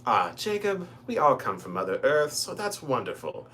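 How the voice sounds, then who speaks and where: A man voicing a sweet, gushing, elderly retired male art professor in a high, affectionate voice. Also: sing-song, moderate pace, pushed and bright.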